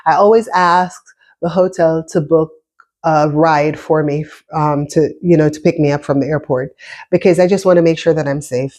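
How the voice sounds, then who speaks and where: A woman's voice: low voice, fairly even intonation, moderate pace, darkish tone. A woman in her fifties from Jamaica, long settled in America, speaks with a mixed Jamaican-American accent. She tells her own story to the camera in a loose, chatty vlog style, stopping to restart and repeat words as she goes. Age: 50s. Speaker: vlogger. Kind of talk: casual personal storytelling.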